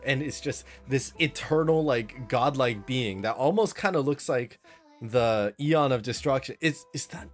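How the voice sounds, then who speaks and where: A man's voice: mid-range voice, slightly rough. A man streaming a game live, chatting casually with viewers in a rambling, friendly way and reading chat aloud.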